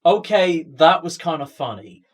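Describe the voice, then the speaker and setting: A man's voice: on the high side, lively intonation, moderate pace. A man co-hosting a comedic film review, sarcastic and easily outraged.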